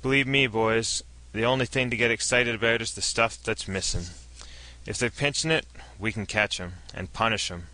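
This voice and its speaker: A man's voice: fairly low pitch, normal speed, sharp tone, dry recording. A man doing a weary, folksy small-town sheriff. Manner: folksy, plain-spoken.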